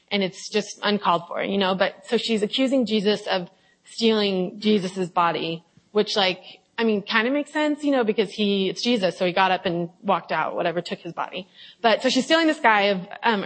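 This Bible study leader, a young adult woman with a mid-range voice, starts by reading from scripture before sliding into candid, confessional chat. Her talk is full of fillers and dramatized quotes, and the recording is rough.

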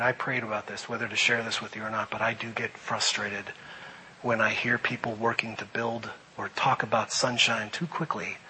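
A middle-aged man preaching a sermon, animated, moving between loud emphasis and quiet reflection. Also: fairly low pitch, a little hiss or hum, poor audio. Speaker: pastor.

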